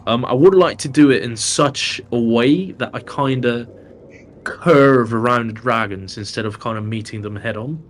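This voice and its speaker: A man's voice: mid-range voice, moderate pace, a little hiss or hum. A man playing in a tabletop game, describing his actions hesitantly with many ums. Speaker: player. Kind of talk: casual tabletop chat.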